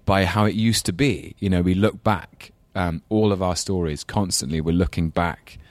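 Deep-voiced Englishman with a London accent. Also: fairly even intonation, dry recording. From England. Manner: rambling, self-deprecating, quick to laugh. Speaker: guest actor. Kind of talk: casual chat.

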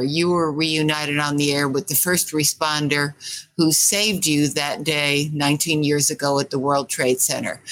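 Low-voiced woman asking interview questions. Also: fairly bright tone, poor audio. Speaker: interview host, reporter.

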